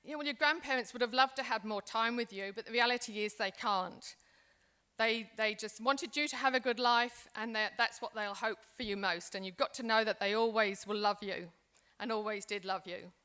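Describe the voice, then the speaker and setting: A woman's voice: on the high side, moderate pace, sharp tone, smooth. Woman acting as a chatty aging mother on the phone. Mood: tender. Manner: chatty, affectionate, talking on the phone. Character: aging woman migrant phoning her children and grandchildren overseas. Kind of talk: acted role-play in a seminar.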